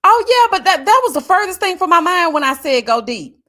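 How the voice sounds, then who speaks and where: A woman's voice: very high voice, fairly quick. A woman in her forties hosting a live stream, chatting casually and sassily as she reads viewer comments. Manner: sassy, animated, drawling Southern Black vernacular with "child" and "baby". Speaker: livestream host reacting to a reality show.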